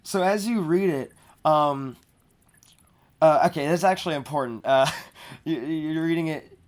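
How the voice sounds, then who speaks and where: A woman's voice: low voice, measured pace, darkish tone. A woman narrating a tabletop game as game master, with a scratchy throat and a hesitant delivery full of fillers. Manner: hesitant, many fillers and restarts.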